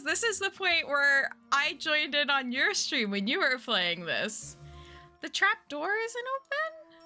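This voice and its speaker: A woman's voice: high voice, wildly swooping pitch, moderate pace, pushed and bright, faint music behind. A woman streaming a mystery game, chatting casually, reading chat aloud and reacting with gasps and laughs.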